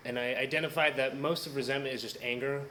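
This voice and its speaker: A man's voice: mid-range voice, steady tone, quick pace, sharp tone, slight background noise, poor audio. A man graduating from a program, giving a candid, reflective personal speech at a ceremony.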